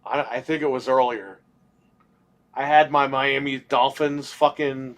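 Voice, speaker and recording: A young man on a casual gaming stream, talking in a loose, rambling way and swearing often. His voice sits at an ordinary middle pitch for a man. He tells everyday stories to his co-hosts and chat. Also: fairly even intonation, unhurried, a bit bright. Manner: profane, rambling storytelling. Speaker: podcast co-host.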